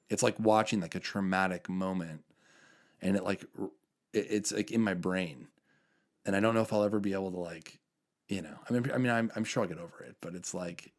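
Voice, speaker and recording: A man talking on a casual podcast, earnest and reflective, circling back with many fillers and restarts. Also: low voice. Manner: earnest, reflective about faith. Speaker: podcast co-host.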